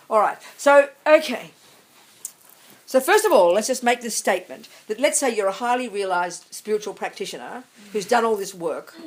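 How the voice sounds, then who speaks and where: A woman teaches Buddhism to a live group, emphatic and animated. She stops often to ask whether the group follows her. She calls people darling as she takes their questions. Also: medium pitch. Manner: emphatic, animated, keeps checking the audience follows. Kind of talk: dharma talk with audience questions.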